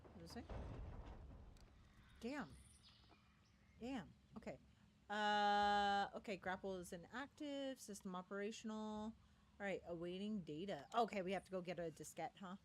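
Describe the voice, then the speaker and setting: A woman giving chatty let's play commentary, thinking aloud with excitable little exclamations. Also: medium pitch, moderate pace, pauses often. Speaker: gaming streamer.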